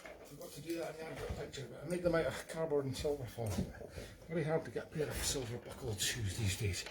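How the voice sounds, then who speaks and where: A man's voice: a little high, fast, background noise. A Scottish man doing a hammy comic impression of a singer, chatting in self-mocking showman banter between songs. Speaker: comic entertainer.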